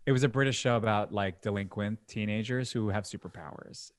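A man's voice: on the low side, brisk, no echo, studio quality. A man co-hosting a podcast in casual chat, gushing enthusiastically about shows he loves. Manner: enthusiastic, chatty pop-culture fan.

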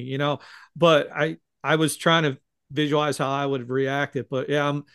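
A man's voice: on the high side, flat delivery, unhurried, clear, resonant tone, no echo, clean studio sound. A male podcast host who speaks empathetically and murmurs agreement while his guest talks. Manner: empathetic, frequent soft backchannel murmurs. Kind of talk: conversational interview.

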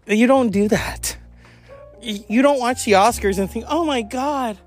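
Male podcast host, high voice, rambling and candid, swears freely, faint music underneath. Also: unhurried. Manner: rambling, candid, profane, with sighs and yawns. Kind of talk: casual monologue.

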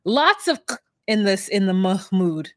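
A woman's voice: mid-range voice, very animated, a little slow, no room sound, clean studio sound. A woman co-hosting a casual podcast, playful and rambling, sometimes breaking into sing-song asides. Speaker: podcast co-host.

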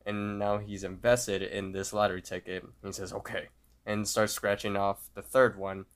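A man's voice: lowish voice, flat delivery, moderate pace. A man co-hosting a podcast, casually retelling a cartoon episode and acting out the characters' lines. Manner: retells scenes, acting out quotes loudly. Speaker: podcast co-host.

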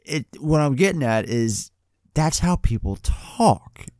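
A man's voice: fairly high pitch, big pitch swings, slow pace, a little mellow, dry recording, clean studio sound. A man co-hosting a podcast, talking about films in a casual, enthusiastic way, rambling and restarting his sentences. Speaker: podcast co-host. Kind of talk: casual film discussion.

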